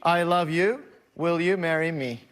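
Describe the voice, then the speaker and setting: A man's voice: a little high, a little slow, heavy background noise, close to an everyday voice. A translator reading a proposal letter aloud, playing a lovestruck Turkish man in a put-on Turkish accent, earnest and repetitive. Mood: doting.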